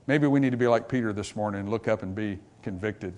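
Man preaching with big dynamic swings. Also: fast. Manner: dramatic, swings from loud and rising to low and quiet; acts out small dialogues between characters. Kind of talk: revival sermon. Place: church before a congregation.

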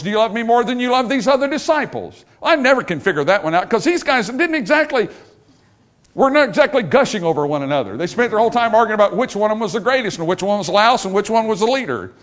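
A pastor preaching a sermon in a church, swinging between emphatic high points and hushed, soft passages. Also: male voice, lively intonation, fast. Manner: dynamic preaching, rising to emphatic highs and dropping to hushed lows. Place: church sanctuary.

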